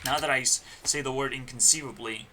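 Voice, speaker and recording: A man talking as a YouTuber in a rambling solo rant, profane and meandering, swinging between loud outbursts and mutters. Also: mid-range voice, fairly even intonation, brisk, noisy background. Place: home computer setup.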